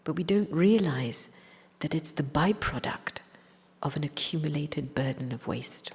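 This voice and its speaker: Husky, gravelly woman telling a spiritual story. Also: low voice, lively intonation, a little slow, a little mellow. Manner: reflective, often dropping to a whisper. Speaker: spiritual teacher. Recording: long hall reverb.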